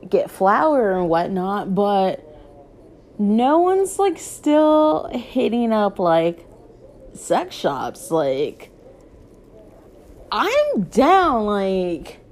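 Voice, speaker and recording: A woman's voice: medium pitch, a little mellow. A young woman vlogger telling a rambling casual story, filling her talk with "like". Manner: rambling, peppered with "like".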